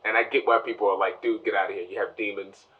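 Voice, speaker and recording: A man's voice: on the low side, fairly even intonation, distant mic, narrow, tinny audio. A man giving a casual spoiler review of a TV show, rambling through the plot and acting out the characters' lines. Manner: rambling recap, acts out characters' lines in quick voices.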